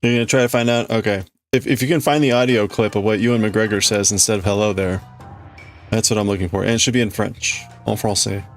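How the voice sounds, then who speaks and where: A man's voice: fairly low pitch, fairly even intonation, fast talker, faint music behind. A man hosting a livestream, chatting casually and rambling with his viewers, often restarting his sentences. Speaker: livestream host. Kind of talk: casual chat with live chat.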